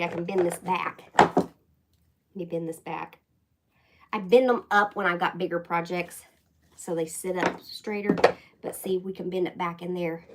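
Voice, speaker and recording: A woman's voice: fairly low pitch, a little hiss or hum. Chatty Oklahoma woman crafting host. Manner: chatty, folksy, thinks out loud. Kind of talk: casual craft tutorial chat.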